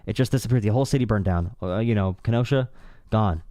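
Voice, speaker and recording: A man's voice: on the low side, fast talker, mellow, no room sound, clean studio sound. Sarcastic young man hosting call-ins. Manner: sarcastic, mocking, repetitive. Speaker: livestream talk show host. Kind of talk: casual call-in chat.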